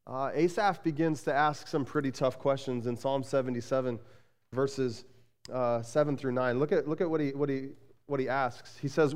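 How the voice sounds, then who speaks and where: A man preaching a sermon as pastor, speaking conversationally with frequent "like" and restarts, in a church sanctuary. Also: fairly high pitch. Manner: conversational, repeats "like" and restarts often. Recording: long hall reverb.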